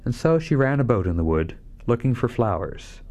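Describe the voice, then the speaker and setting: A man's voice: medium pitch, very animated, normal speed, darkish tone. A man narrating a fairy tale, shifting his voice lightly for each character. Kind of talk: scripted fairy-tale reading.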